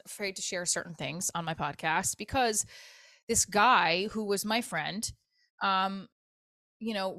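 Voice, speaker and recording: Woman comedian podcasting solo, candid and profane, exasperated storytelling, mid-pitched, dry close sound. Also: a bit bright, dry recording.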